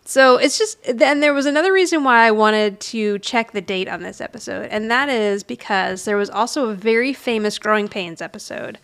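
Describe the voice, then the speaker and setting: A woman's voice: fairly high pitch, fairly bright tone. Chatty woman recapping in casual chat. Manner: chatty, with quick restarts and little asides. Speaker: podcast co-host.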